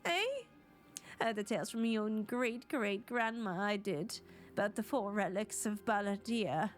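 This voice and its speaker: A woman voicing a frantic, grieving old mother, wailing and melodramatic with a rough put-on accent. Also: mid-range voice, unhurried, faint music behind, natural voice. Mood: mournful.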